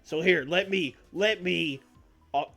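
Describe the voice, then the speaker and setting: A man's voice: sits high, slow pace, creaky, a bit bright, soft background music, pitched above the performer's own voice, full character voice. A man voicing a blunt, seasoned male wrestler firmly talking a friend down. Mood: persuasive.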